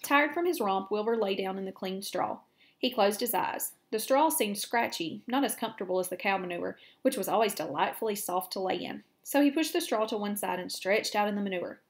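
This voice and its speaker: A woman teacher reading a children's chapter book aloud to her class, steady and clear. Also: medium pitch, fairly quick.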